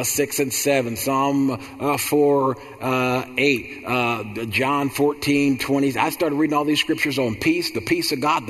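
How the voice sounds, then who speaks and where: A man's voice: mid-range voice, a bit bright, long reverb tail. A man preaching a sermon, emphatic and repetitive, with frequent stumbling restarts.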